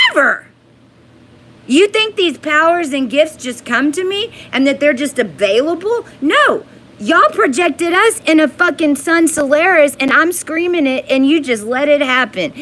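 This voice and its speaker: A woman in an angry, profane monologue to her viewers, rising into yelling. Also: high voice.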